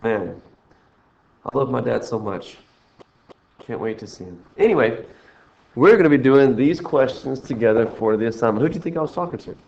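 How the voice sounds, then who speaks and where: Goofy math teacher guy talking through problems, gravelly voice that jumps around a lot. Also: medium pitch, lively intonation, normal speed, long pauses, darkish tone, a little hiss or hum. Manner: jokey, rambling, self-mocking. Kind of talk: recorded math lesson walkthrough. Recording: dull lo-fi screen recording.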